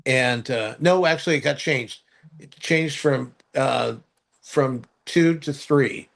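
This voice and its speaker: A man's voice: slow pace, vocal fry. A man hosting a podcast, telling a story in casual chat, rambling with many fillers and restarts, and acting out other people's voices when he quotes them. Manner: acts out others' voices in high shouts when quoting. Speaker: podcast host.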